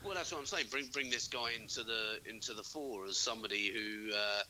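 A man's voice: lowish voice, brisk, pushed and bright, a little hiss or hum, rough recording. A man, co-hosting a casual sports podcast, talking hesitantly with many fillers and restarts. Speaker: podcast co-host. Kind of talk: casual chat.

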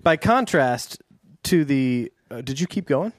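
A man's voice: mid-range voice, lively intonation, unhurried. Wry man chatting on a podcast. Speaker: podcast co-host. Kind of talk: casual podcast chat.

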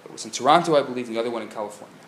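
A man, a rabbi, telling a story in a live lecture, swinging from hushed tones to loud bursts. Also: medium pitch, very fast, slight background noise. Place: synagogue lecture hall, live audience. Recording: echoey live room with faint ambience.

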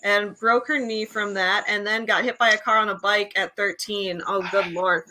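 A woman's voice: mid-range voice, fairly even intonation, moderate pace, sharp tone, a little hiss or hum. A young woman co-hosting a podcast in casual chat, chatty and laughing often, with lots of fillers. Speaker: podcast co-host.

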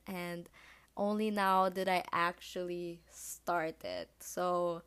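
A young woman in her late teens from the Philippines, hosting a solo podcast late at night at home, chatty and rambling with lots of fillers. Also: medium pitch. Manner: rambling, chatty and self-conscious, with many fillers. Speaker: podcast host. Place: home living room at night.

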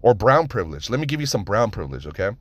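A man hosting a podcast, telling stories in a casual monologue, animated and profane, with lots of rhetorical questions. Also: fairly low pitch, racing, dry recording. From United States (Nevada). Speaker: podcast host.

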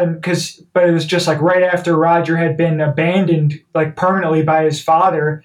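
Man, high voice, casual film chat, filler-heavy rambling, a bit off-mic. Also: fairly even intonation, moderate pace, distant mic. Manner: rambling, many "like" and "you know" fillers. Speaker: podcast co-host. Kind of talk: casual movie discussion.

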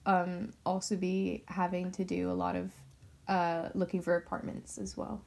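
A woman's voice: lowish voice, monotone, moderate pace, vocal fry, darkish tone. A young woman, a student guest in a casual chat, hesitant and full of fillers. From Surrey, England. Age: young adult. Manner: hesitant, unsure, lots of ums.

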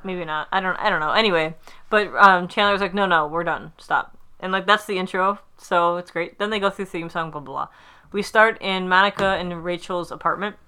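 A woman's voice: on the low side, a little fast, pushed and bright, smooth. A woman recapping a sitcom episode in casual chat, rambling with fillers and acting out the characters' lines. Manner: chatty, rambling with many fillers, acts out quotes.

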